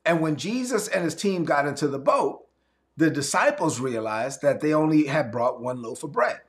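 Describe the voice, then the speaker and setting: A man's voice: on the high side, expressive, normal speed. A man preaching a sermon as pastor, conversational and emphatic with dramatic swings.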